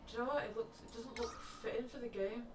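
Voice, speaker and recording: A woman's voice: on the high side, steady tone, quick pace, recorded from a distance, crowd noise. A woman chatting casually and teasing, laughing easily. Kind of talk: casual chat. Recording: roomy, off-mic, music behind.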